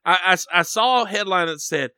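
Bright high-voiced male podcast host. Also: animated, fairly quick, smooth, no room sound. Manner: joking, puts on a Southern drawl at first. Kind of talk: casual podcast chat.

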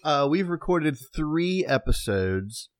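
A man's voice: fairly high pitch, very animated, slow pace, no echo. A man co-hosting a casual podcast, talking in a laid-back, chuckling way. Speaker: podcast co-host.

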